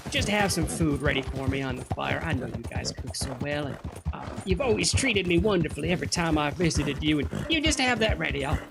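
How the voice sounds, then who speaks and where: Man putting on a swaggering outlaw cowboy, drawling, gravelly, lively pitch, game noise behind. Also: a little fast. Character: gruff bold male outlaw cowboy, boastful.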